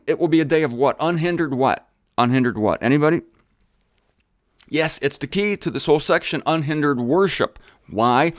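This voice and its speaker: In a studio with a camera setup, a man with a slightly high voice gives an informal Bible teaching, joking and tossing rhetorical questions to his audience. There's no room sound, and he hurries near the end.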